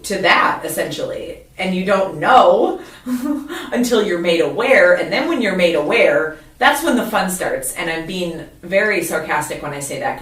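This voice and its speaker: A woman's voice: sits low, fairly bright tone. A woman co-hosting a podcast, telling candid, confessional stories about her own past in casual chat. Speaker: podcast co-host. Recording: roomy echo, mic at a distance.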